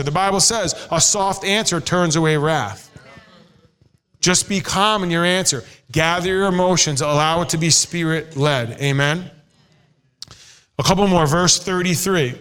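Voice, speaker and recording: A man's voice: sits high, a little slow, fairly bright tone, smooth. A middle-aged male pastor preaching a sermon in a conversational way, acting out quoted voices. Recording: hall reverb.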